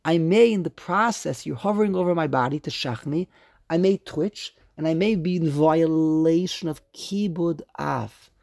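A man puts on an earnest young man pleading with his father, his voice lifted a little higher than usual and edged with gravel. The sound is close and dry. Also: moderate pace, darkish tone, no room sound. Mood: anxious.

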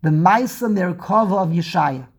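A woman's voice: lowish voice, lively intonation, normal speed, darkish tone. A woman teaching a religious text lesson, asking rhetorical questions and repeating words as she builds each point. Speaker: Torah teacher. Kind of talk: lecture on Hebrew prayer and scripture.

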